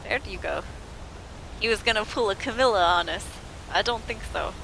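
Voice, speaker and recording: Bright, excitable woman game streamer. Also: medium pitch, normal speed, creaky, pauses often, a little hiss or hum. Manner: chatty, excitable, shouts at game characters. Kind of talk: live gameplay commentary.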